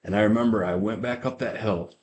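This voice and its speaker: A young man with a fairly low voice tells his story of faith for a podcast. He rambles, trips over his words and restarts sentences again and again as he goes. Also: steady tone, a little fast. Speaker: guest giving a testimony. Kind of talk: personal testimony on a podcast.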